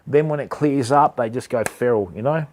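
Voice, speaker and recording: A man's voice: medium pitch, moderate pace, darkish tone, a little hiss or hum. A laid-back Australian man with a slangy manner, chatting casually to live-stream viewers while showing fishing tackle. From Western Australia. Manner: rambling, with many fillers.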